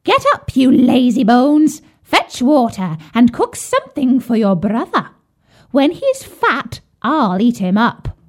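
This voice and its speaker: A woman's voice: fairly high pitch, huge pitch swings, slow, darkish tone, voice pushed up, exaggerated voice. A woman voicing a wicked old witch who eats children, jeering and bossy. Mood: shrill bossy.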